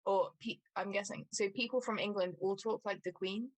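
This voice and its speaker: A Scottish woman co-hosting a cosplay livestream explains things in casual chat, her speech packed with fillers like "like" and "um." Her voice sits at a medium pitch, with a steady tone and normal speed, on a dry recording.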